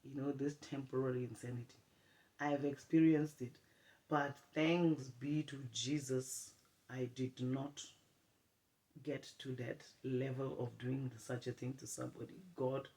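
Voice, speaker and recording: Gravelly, slow-talking woman vlogger. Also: very deep voice, poor audio. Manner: animated, addresses viewers as "guys". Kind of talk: storytime vlog.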